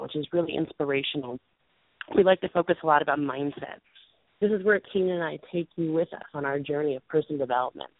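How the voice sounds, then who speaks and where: A woman in her late twenties, co-hosting a call-in show, losing her voice and talking earnestly with restarts and throat clearing. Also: on the low side, no room sound. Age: 20s. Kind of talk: casual show announcement. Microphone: phone call. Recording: tinny dry phone line.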